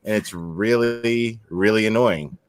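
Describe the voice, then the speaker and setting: A man chatting casually on a podcast, an animated storyteller who laughs often and swears freely. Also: fairly low pitch, measured pace. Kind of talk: casual chat.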